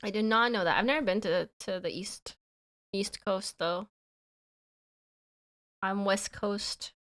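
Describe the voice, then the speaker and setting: A woman's voice: mid-range voice, takes it slowly, fairly bright tone. A young woman from Saskatchewan chatting casually on a live stream, giggling often and swearing lightly as she reads chat. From Saskatchewan, Canada.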